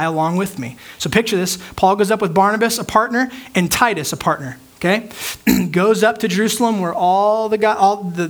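A young man, a pastor, delivers a sermon as a loose, chatty story. His voice sits a little high for a man, and he talks in an everyday way, packed with "like" and quick restarts. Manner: casual, filler-heavy storytelling with frequent "like".

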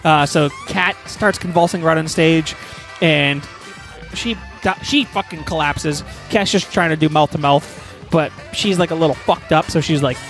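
A man's voice: a little high, moderate pace, a bit bright, faint music behind. A man improvising a crude, rambling comedy story as host, with heavy profanity.

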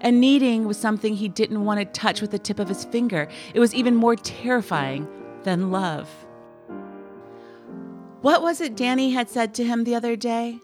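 A woman's voice: fairly high pitch, moderate pace, darkish tone, soft background music. A middle-aged woman co-hosting a comedy podcast, reading aloud dramatically and joking with lots of laughter. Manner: laughs often, playful, mock-dramatic. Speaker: podcast co-host.

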